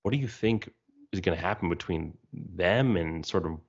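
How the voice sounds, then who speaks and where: A man's voice: sits low, normal speed, husky. A man co-hosting a casual fan podcast, musing aloud and firing off one speculative question after another. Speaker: podcast co-host. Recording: dull lo-fi sound.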